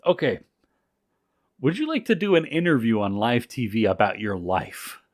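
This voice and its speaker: A man's voice: medium pitch, big pitch swings, moderate pace, no echo, studio quality. A man voicing a curious, eager male TV journalist who fires off incredulous questions.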